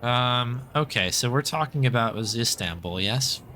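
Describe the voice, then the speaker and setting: A man's voice: mid-range voice, lively intonation, normal speed, pushed and bright, slight background noise. An American man streaming a story game, reading its narration aloud with casual, chatty asides and thanking viewers.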